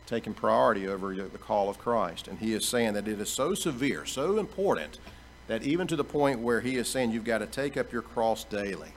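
A man's voice: lowish voice, brisk, slight background noise. A man preaching a sermon as pastor, earnest, repeating key phrases and pushing harder on the points he stresses.

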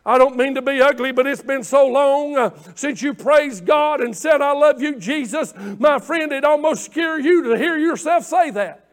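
A man with a very high voice preaching a fervent sermon. He moves from hushed, tender pleading to loud shouts, doubling back on words as the feeling builds. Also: moderate pace. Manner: impassioned preaching, swings from quiet to shouting; repeats words and restarts phrases. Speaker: pastor.

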